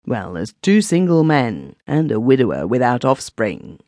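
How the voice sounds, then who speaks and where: A man's voice: medium pitch, huge pitch swings, a little slow, darkish tone, dry recording, clean studio sound. A man voicing Migsworth, a pompous widower in an audiobook, speaking firmly and lecturing. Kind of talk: audiobook character voice.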